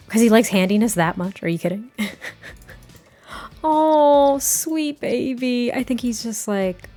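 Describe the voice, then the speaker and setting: A woman's voice: medium pitch, a little mellow. Chatty woman narrating her game. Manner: chatty, giggly, rambling with restarts. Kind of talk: casual let's-play storytelling.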